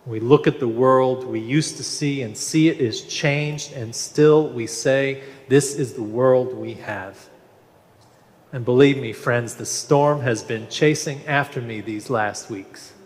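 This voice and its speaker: A man preaching a sermon as minister, slow and measured with gentle humor. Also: medium pitch. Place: large church sanctuary. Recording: long reverb of a large hall.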